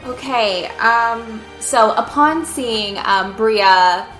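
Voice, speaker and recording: A woman's voice: on the high side, very slow, a bit bright. A woman playing a tabletop game, hesitant and full of fillers as she describes her turn. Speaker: player. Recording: echoey room with faint music.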